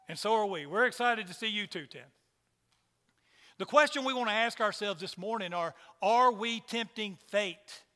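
A man's voice: high voice, pushed and bright, big-room sound. A man preaching a sermon to a church congregation, emphatic and repeating his rhetorical questions. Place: church hall.

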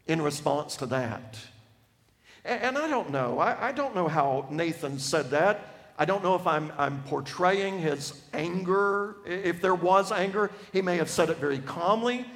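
A man preaching a sermon on a Bible passage, emphatic, dropping from loud to hushed for effect. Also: a little high. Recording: long reverb of a large hall.

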